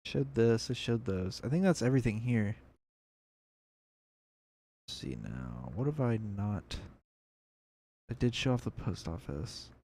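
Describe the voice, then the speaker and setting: A man's voice: mid-range voice, sing-song, unhurried, long pauses, warm tone. A young man giving casual, rambling commentary on a video game as he plays, thinking aloud. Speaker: gameplay video creator.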